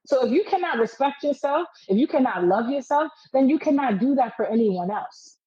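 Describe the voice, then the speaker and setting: A woman guest on a podcast giving a faith testimony in casual chat, preaching and telling stories with animated delivery. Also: high voice, fairly quick, muffled recording.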